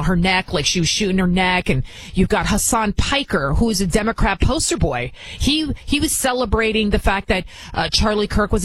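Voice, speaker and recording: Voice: medium pitch, a bit bright, breathy edge, low-quality recording. A commentary show host talking in an indignant, rambling way with many restarts. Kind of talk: opinion commentary.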